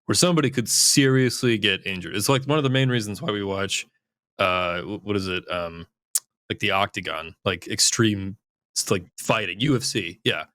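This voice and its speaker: A man's voice: on the low side, normal speed, sharp tone, no echo. A man hosting a podcast, chatting casually in a rambling, profane way with lots of "like". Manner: rambling, profane, heavy use of "like". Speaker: podcast host. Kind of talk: casual chat.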